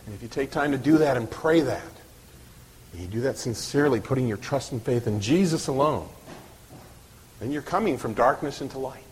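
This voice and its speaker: A man's voice: medium pitch, a little fast, husky. A man preaching a sermon at a church service, earnest, often restarting and repeating his words.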